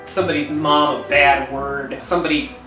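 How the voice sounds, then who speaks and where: A man co-hosting a comedy book podcast, retelling a classic tragedy with deadpan, slangy wisecracks. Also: fairly high pitch, normal speed. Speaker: podcast co-host. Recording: roomy echo with faint music.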